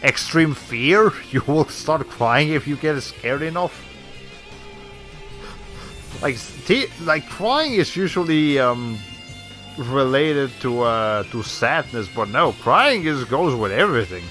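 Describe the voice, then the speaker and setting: A man's voice: mid-range voice, sing-song, slow, a bit bright, soft background music. A man giving casual, rambling commentary while playing a video game. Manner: rambling, self-correcting, chuckling. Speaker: streamer. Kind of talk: casual let's play commentary.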